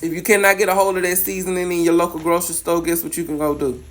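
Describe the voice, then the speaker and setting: A woman's voice: fairly low pitch, level tone, fast talker. Sassy Louisiana woman cooking. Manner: sassy, chatty, coaxing. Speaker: home cook. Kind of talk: cooking demonstration. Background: faint sizzling pan.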